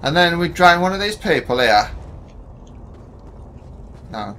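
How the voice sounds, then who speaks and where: A man's voice: a little high, very animated, slow, pushed and bright, a little hiss or hum. A young man chatting while he plays a video game, rambling and hesitant but playful. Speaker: gaming channel co-host. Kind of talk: casual gameplay banter.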